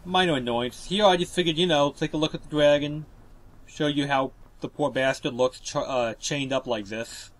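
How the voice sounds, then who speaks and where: A man with a slightly higher voice runs a video game walkthrough, talking casually and cracking jokes at his own expense. He keeps up a loose, chatty commentary throughout. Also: normal speed. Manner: chatty, joking, self-deprecating. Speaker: let's play host.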